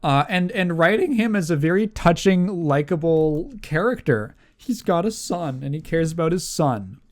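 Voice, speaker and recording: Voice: mid-range voice, lively intonation. Rambling laughing podcast host. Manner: rambling, self-correcting, quick to laugh. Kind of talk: casual movie review chat.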